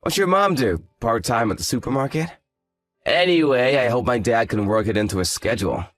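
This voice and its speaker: Sounding smug, a man performs a hungover, arrogant young fiancé in a scripted story drama, all lazy condescension and sarcasm. The character is dismissive and smug, and the actor speaks briskly in a natural, medium-pitched voice with lively intonation. There's no room sound, just faint music behind.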